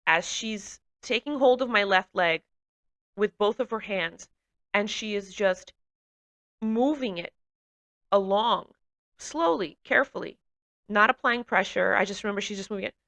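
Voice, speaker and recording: A woman telling a personal testimony in an earnest, halting way, with fillers and restarts, growing emotional as she recounts it. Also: mid-range voice, a bit bright. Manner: grows emotional while recounting. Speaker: speaker giving a testimony.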